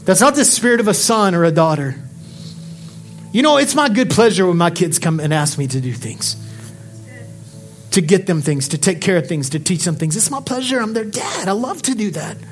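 A man preaching a sermon, swinging from impassioned exhortation to quiet, confiding storytelling. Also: sits high, animated, normal speed, faint music behind. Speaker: pastor.

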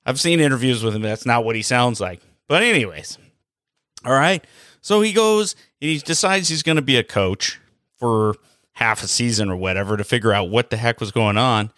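A man rants about hockey in a loose vlog style, sarcastic and animated with plenty of rhetorical questions. His voice sits at an ordinary middle pitch. The sound is dry and close. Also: no echo. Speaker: hockey vlogger. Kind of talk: casual opinion rant.

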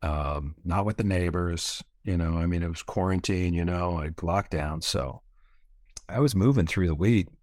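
A middle-aged man from Canada talks through his life story in a relaxed, rambling way, full of "you know" and casual swearing. His voice sits very low. The recording is dry, with no room sound. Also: normal speed, dry recording. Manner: candid, rambling, swears freely, many fillers. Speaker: podcast guest.

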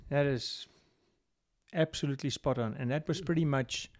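A man's voice: mid-range voice, moderate pace. Man hosting a podcast interview. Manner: encouraging, listening with steady murmurs. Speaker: podcast host. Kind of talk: interview questions, casual conversation.

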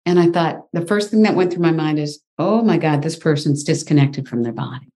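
A woman with a low voice tells a personal story in an interview. She talks in an animated way, with frequent exclamations. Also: brisk. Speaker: guest.

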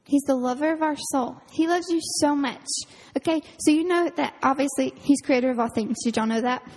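A woman camp counselor, giving a casual, earnest youth sermon full of fillers and quick laughs. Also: sits high, a little mellow. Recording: reverberant hall.

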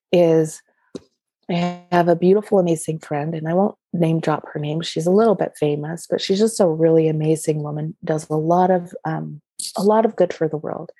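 A woman with a low, mellow, dark voice tells a personal story in an easy, conversational way. She is animated and laughs often as she talks. The recording is close and dry. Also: slightly rough, dry recording. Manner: animated, laughs often while telling stories. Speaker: guest.

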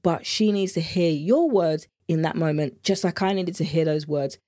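A woman's voice: deep voice, normal speed, warm tone, no echo, clean studio sound. A woman with a British accent, hosting a podcast as a meal planning coach in an earnest, heartfelt and repetitive solo monologue.

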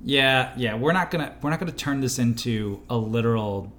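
A man co-hosting a casual beer-tasting podcast, jokey and teasing, with a lively delivery. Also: medium pitch, moderate pace, a little hiss or hum. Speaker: podcast co-host.

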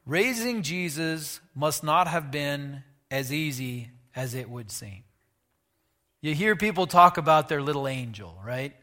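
A man preaching a sermon, animated, asking the congregation questions and moving between loud and hushed delivery. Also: fairly high pitch, slow pace, big-room sound. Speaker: pastor.

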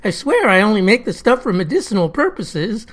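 A woman's voice: mid-range voice, big pitch swings, brisk. A woman voicing a stubborn, folksy male farmer with old-fashioned country phrasing.

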